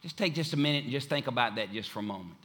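A man's voice: medium pitch, lively intonation, racing, a bit bright. A man preaching a sermon with an emphatic, repetitive cadence.

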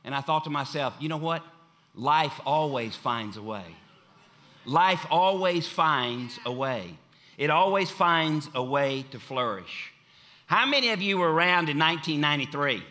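A man with a bright, slightly high voice preaches to his congregation in a church. He is emphatic, hammering on repeated phrases, then dropping to a hushed tone before building again. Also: lively intonation, measured pace. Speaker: pastor. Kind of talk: sermon. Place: church sanctuary.

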